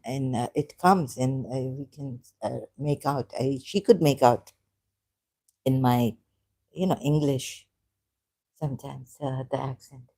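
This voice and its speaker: On a live stream, a woman with a Sindhi Khoja accent talks haltingly and rambles, frequently hunting for words and drifting into Hindi-Urdu. Her voice is extremely low and mellow.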